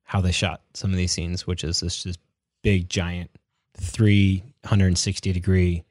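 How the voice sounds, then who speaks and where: A man's voice: deep voice, level tone, a little slow, a little mellow, no echo, clean studio sound. A young man chatting casually as a podcast co-host, rambling with lots of fillers and restarts. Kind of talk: casual chat.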